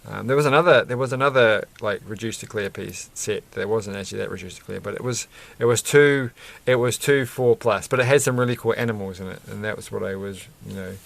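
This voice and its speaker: A man talks in a loose, rambling way, chuckling and correcting himself as he goes. His voice sits low with a gravelly fry to it. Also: a little fast, few pauses. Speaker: Lego build vlogger. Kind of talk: casual chat while building.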